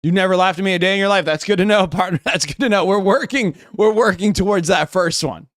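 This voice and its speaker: A man's voice: high voice, fast, a bit bright, no room sound, clean studio sound. A young man with a West Coast American accent chatting casually on a livestream, rambling, swearing and thinking aloud as he reads chat. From United States. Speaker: streamer.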